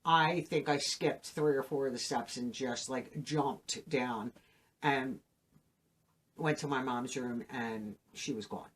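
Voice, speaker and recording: A middle-aged woman, the host of her own channel, telling a personal story to camera in a halting, emotional way, full of fillers. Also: rumbling low. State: emotional, saddened.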